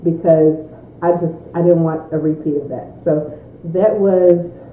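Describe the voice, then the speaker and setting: A woman, a mother, chatting casually in a mukbang Q&A, a lively storyteller who laughs often. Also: low voice, measured pace, a little hiss or hum. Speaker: mother answering Q&A. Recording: tinny echoey room recording.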